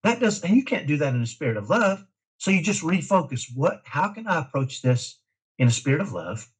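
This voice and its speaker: A middle-aged man from Dallas, a parent guest talking in an emphatic, energetic way in a casual interview. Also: fairly high pitch, fairly quick, slightly rough, rough recording. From Dallas, Texas. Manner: energetic, emphatic, self-described type A.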